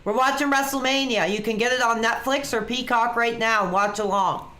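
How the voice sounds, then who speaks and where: Man, casual streamer, bright forceful voice, relaxed reactions, webcam mic, home. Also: very high-pitched, a little fast. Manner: laid-back, chatty, reacting to the action. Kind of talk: casual live watch-along commentary.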